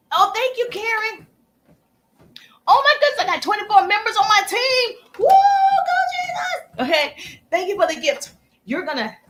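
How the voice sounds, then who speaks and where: A woman coaching viewers on a live stream, chatty and energetic, breaking off to thank viewers as she teaches. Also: high voice. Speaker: social media coach.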